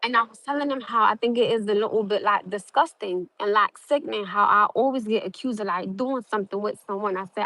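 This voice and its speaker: A woman's voice: medium pitch, quick pace, hardly any pauses, bright, forceful tone, no room sound, rough recording. A young woman chatting casually to her livestream viewers outdoors on a phone, full of fillers and calling them y'all. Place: outdoors in hot sun near water.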